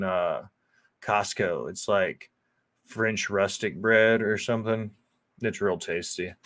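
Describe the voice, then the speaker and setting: A man who is a chef, talking through a cooking video in a loose, rambling way, swearing freely and filling gaps with "like" and "um". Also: fairly low pitch. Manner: profane, loose and rambling with lots of fillers. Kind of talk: casual cooking voice-over.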